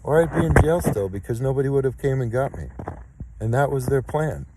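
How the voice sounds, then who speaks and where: A man's voice: medium pitch, expressive, fairly quick, very noisy. A man in his fifties, speaking in an aggrieved, insistent monologue about his case and repeating his points. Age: 50s. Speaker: complainant recording his case. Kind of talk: emotional spoken monologue.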